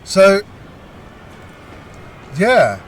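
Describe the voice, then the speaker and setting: A man casually commentating a video game battle, talking haltingly with frequent pauses and restarts and a lightly amused tone. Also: sits high, wildly swooping pitch. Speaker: gameplay commentator.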